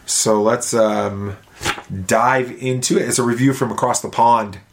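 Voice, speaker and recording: A man's voice: mid-range voice, steady tone, a little slow. Easygoing middle-aged man hosting a podcast. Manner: easygoing, rambling with fillers and restarts. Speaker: podcast host. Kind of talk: casual family podcast chat.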